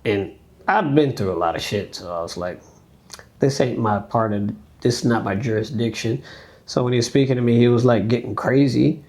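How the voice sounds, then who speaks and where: Gravelly man telling a story. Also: mid-range voice, moderate pace. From United States. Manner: animated storyteller, acts out quoted speech, loose filler-heavy phrasing. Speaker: dancer guest. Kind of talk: storytelling in a podcast conversation.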